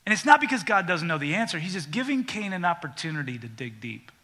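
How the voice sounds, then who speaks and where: A man, a pastor, preaching a sermon in an animated way, acting out quoted voices and at times dropping to a quiet, confiding tone. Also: fairly high pitch, fast.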